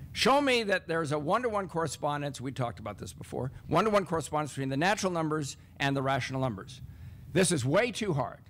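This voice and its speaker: A man speaks on a teaching panel with a fairly high voice that swings widely in pitch. He tells a classroom anecdote and acts out the exchanges. A faint room hum sits underneath. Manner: animated, acts out classroom dialogue with raised pitch. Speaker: math professor on a teaching panel. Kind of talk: storytelling panel talk.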